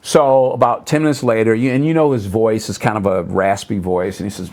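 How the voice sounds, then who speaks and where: A middle-aged man, a pastor, telling stories as a guest on a talk show, acting out others' words in sudden higher tones and dropping low on asides. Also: fairly quick, few pauses. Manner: animated storyteller, voices other people's remarks with sharp jumps up in pitch. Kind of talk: storytelling in a talk show conversation. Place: local public access TV studio.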